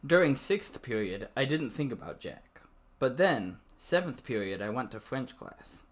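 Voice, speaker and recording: A man's voice: medium pitch, big pitch swings, measured pace. A man reading a novel aloud and interrupting with sarcastic, swearing asides. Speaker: amateur reader. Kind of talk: mocking dramatic reading.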